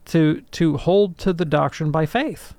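During a call-in radio discussion, a man takes a listener's question and answers with animated lecturing, often adding "right?". His voice is a little high and his pace measured, with no echo.

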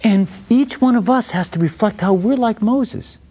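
A man's voice: high voice, normal speed, warm tone, breathy edge. A man teaching an informal Bible lesson with folksy, jokey asides.

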